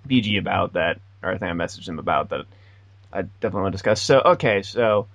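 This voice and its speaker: A man's voice: sits low, animated, fast, a bit bright, no room sound. A young man in his twenties hosting a podcast, telling a rambling story in a sarcastic, casual way. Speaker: podcast host. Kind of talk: casual chat.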